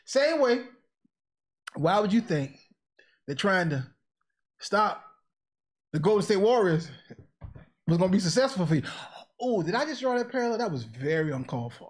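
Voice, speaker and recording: A man's voice: sits high, big pitch swings, normal speed, long pauses. A man hosting a podcast, chatting casually and animatedly, laughing often and mixing jokes with preachy asides. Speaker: podcast host. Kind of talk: casual chat.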